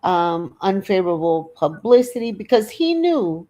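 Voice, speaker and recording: A woman on a panel giving measured commentary, pausing on fillers. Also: medium pitch, very animated, warm tone, muffled recording. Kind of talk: casual opinionated commentary.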